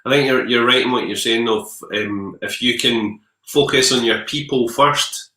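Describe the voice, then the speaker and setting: A man's voice: mid-range voice, normal speed, bright, forceful tone. A man with a Scottish accent hosting a casual interview, agreeable and friendly, sharing stories of his own. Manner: friendly, agreeable, shares anecdotes. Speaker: podcast host. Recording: roomy echo.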